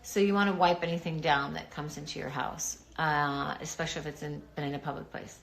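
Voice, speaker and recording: A woman's voice: low-pitched, fairly even intonation, a little fast, creaky. Chatty reassuring woman on a livestream. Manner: chatty, reassuring, greets commenters. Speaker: livestream host talking to viewers. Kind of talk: casual live-stream chat.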